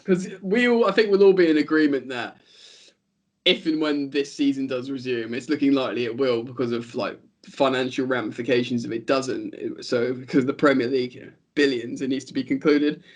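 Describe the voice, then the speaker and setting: A man's voice: medium pitch, fairly quick. A man chatting casually on a remote football podcast call, rambling with lots of fillers. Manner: rambling, animated, many fillers. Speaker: podcast guest. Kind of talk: casual online football chat.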